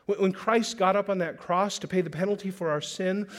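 A man preaching a sermon as pastor, earnest, with frequent restarts and slow, drawn-out emphasis. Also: high-pitched, steady tone.

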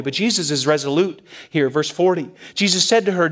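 Guy pastor preaching, fairly high voice, gets loud then real quiet. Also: moderate pace, few pauses. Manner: expressive, swings from loud to hushed. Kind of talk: sermon.

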